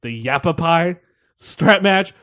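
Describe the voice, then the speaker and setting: A man's voice: a little high, lively intonation, slow, a bit bright. A man hosting a podcast, rambling through a wrestling match recap in casual chat, wry and laughing, with the odd swear. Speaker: podcast host.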